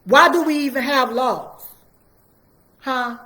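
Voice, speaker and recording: Woman, slightly high voice, fiery repetitive livestream commentator. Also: takes it slowly, pushed and bright. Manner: fiery, repetitive, preachy, talks straight to viewers. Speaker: political commentator answering viewers.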